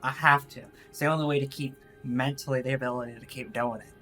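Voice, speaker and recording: Rambling streamer in a put-on East Texas drawl. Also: male voice, medium pitch, fairly even intonation, quick pace, sharp tone, faint music behind. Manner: rambling and self-mocking, laughs often. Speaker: VTuber streamer. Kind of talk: casual live-stream chat.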